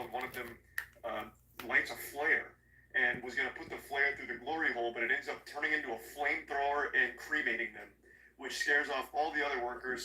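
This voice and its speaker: A man recapping a horror movie in a casual, comedic, profane way, sarcastic and animated. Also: mid-range voice, distant mic, a little hiss or hum. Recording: echoey room, voice off-mic.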